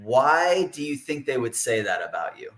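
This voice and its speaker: A man's voice: mid-range voice, sing-song, normal speed, a bit bright. Joking, chatty man hosting an interview. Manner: joking, chatty, stumbling restarts. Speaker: interview host. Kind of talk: casual interview chat.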